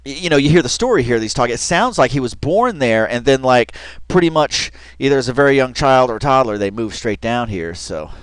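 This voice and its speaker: A man's voice: medium pitch, expressive, brisk, smooth, no room sound. A man giving casual reaction commentary on a video, rambling and chatty with lots of fillers and restarts, often laughing as he talks. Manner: laughs often while talking.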